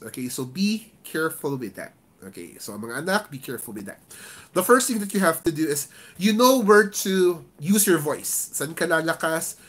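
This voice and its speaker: A man's voice: a little high, a bit bright. A man with a Filipino accent coaching call center greetings in a live-streamed lesson, emphatic about stress and intonation, with a stuffy nose from feeling unwell.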